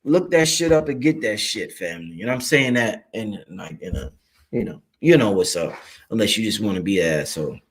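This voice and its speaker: A fairly quick, lowish male voice belongs to a Brooklyn livestreamer who speaks loosely and with plenty of profanity while handling viewer comments. Animated and streetwise, he addresses viewers directly.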